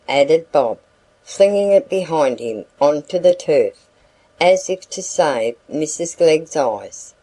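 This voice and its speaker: A woman narrating a classic novel in a measured, even storytelling voice. Her tone is low and mellow, and she reads at an unhurried pace. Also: low-quality recording. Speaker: audiobook narrator. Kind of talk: scripted narration.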